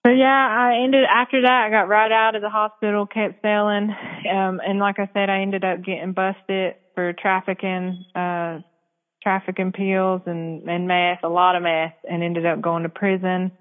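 A young adult woman tells her own story as a podcast guest, speaking candidly in a relaxed, frank way with easy laughs. Her voice sits at an ordinary pitch for a woman. It comes through narrow and tinny, like a phone line. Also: moderate pace, smooth. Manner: casual, frank, laughs often.

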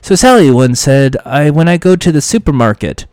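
A man's voice: on the high side, animated, normal speed, darkish tone, clean tone, no echo, clean studio sound, natural voice. A man impersonating a dignified, chatty British game show host, with a British accent and rambling, upbeat patter. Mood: cheery.

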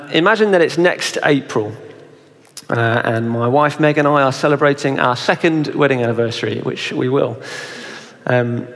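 Young pastor, chatty sermon delivery with questions to the room, mid pitch, echoing church hall. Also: male voice, a bit bright. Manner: conversational, asks the audience questions. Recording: reverberant hall.

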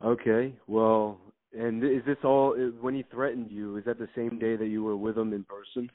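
A man's voice: on the low side, little pitch movement, normal speed, no room sound. A man interviewing, asking short probing questions with hesitant restarts. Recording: tinny phone line.

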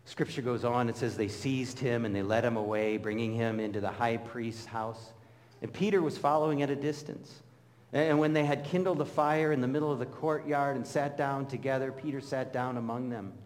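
A man's voice: mid-range voice, moderate pace. A middle-aged man preaching a sermon, telling stories and acting out the voices of people he quotes. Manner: storytelling, animated, acts out quoted voices. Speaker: pastor. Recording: long hall reverb.

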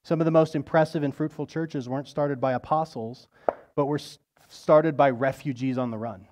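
A male pastor preaching a sermon in a conversational storytelling manner, swelling louder on dramatic moments and dropping soft at the ends of phrases. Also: steady tone, moderate pace, noisy background. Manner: storytelling, rising in intensity on quoted lines, dropping low and soft at phrase ends; conversational, with restarts and asides.

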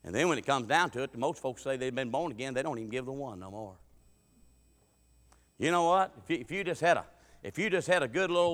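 A man preaching a sermon with humorous stories, folksy and full of dialect, swinging from loud preaching to quiet asides. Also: a little high. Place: church sanctuary. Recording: reverberant church sanctuary.

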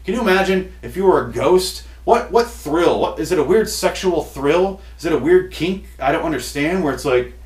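A man hosting a comedy podcast, ranting in an exasperated, profane way, with his voice going hoarse. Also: fairly high pitch, expressive, moderate pace, hardly any pauses, slight background noise. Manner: exasperated, profane, building to shouty outbursts. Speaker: podcast host. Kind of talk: comedic rant. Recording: roomy echo, distant mic.

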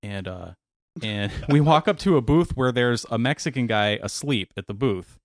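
A man's voice: mid-range voice, expressive, normal speed, no room sound. Man, rambling storyteller, casual chat, dry close sound. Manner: rambling, lots of fillers and restarts.

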